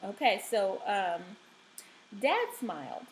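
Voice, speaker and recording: A woman teacher giving a recorded reading lesson, speaking deliberately and checking in often with the class. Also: on the high side, lively intonation, a little hiss or hum, rough recording. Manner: slow, deliberate, checks in with frequent "okay?".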